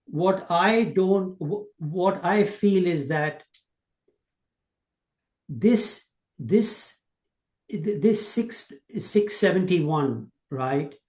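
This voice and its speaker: A man's voice: sits high, expressive, very slow, long pauses, darkish tone. Hesitant man in an echoey room. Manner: hesitant, many fillers and broken-off words. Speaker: student. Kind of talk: question in class discussion.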